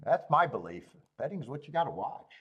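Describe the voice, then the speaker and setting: A man hosting a live racing show, ranting in a profane, excitable way and laughing often. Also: mid-range voice, brisk, phone-quality sound. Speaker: horse racing show host. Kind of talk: profane live-stream rant.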